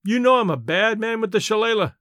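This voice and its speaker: A man's voice: high voice, lively intonation, brisk, fairly bright tone, no room sound, clean studio sound, pitched above the performer's own voice. A man voicing a jovial, boisterous Irish fighter who teases his foes, read aloud as part of a story. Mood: jovial, teasing. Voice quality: boisterous, mocking.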